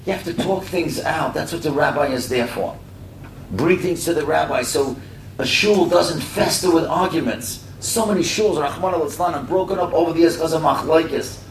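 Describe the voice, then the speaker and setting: Middle-aged man preaching in an echoey room. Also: moderate pace. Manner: conversational, animated storyteller with frequent asides. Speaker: speaker at a religious community talk. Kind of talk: storytelling sermon. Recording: echoey room from a distance, faint rumble.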